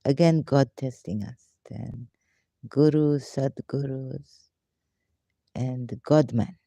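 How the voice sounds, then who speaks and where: A woman hosting a casual live question-and-answer session, talking in halting, rambling, broken English with frequent fillers, and sometimes talking to herself. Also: extremely low pitch, fairly even intonation, creaky, warm tone, no echo. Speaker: live Q&A host.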